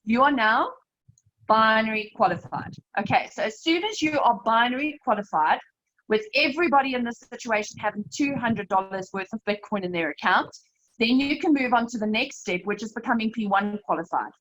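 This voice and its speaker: A woman leading a live slide presentation, explaining step by step in a brisk, emphatic way and often calling her listeners "you guys". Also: a little high, animated, fairly bright tone, highs cut off. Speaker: network marketing team leader presenting a webinar.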